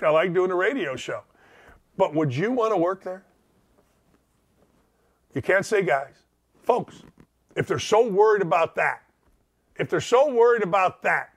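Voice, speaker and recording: High-voiced joking middle-aged talk host. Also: male voice. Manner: animated, joking, acts out quoted voices. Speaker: radio talk show host. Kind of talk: casual radio monologue.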